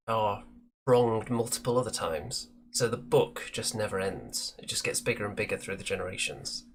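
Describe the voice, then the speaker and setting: A man hosting a casual hobby chat show, talking in a relaxed, chatty way and thinking aloud. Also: on the low side, moderate pace. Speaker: show host.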